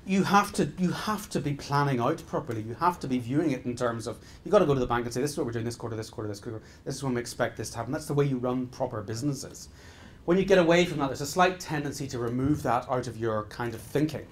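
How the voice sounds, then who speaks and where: Emphatic man teaching business. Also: medium pitch. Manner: emphatic, repetitive exhortations with frequent restarts. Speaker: business trainer. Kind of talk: live seminar talk.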